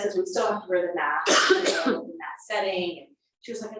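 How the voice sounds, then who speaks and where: A woman's voice: on the low side, normal speed, fairly bright tone. A middle-aged woman, a yoga teacher, giving a chatty, meandering talk before class with frequent ums and uhs. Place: large yoga studio. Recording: echoey studio from a distance, faint noise.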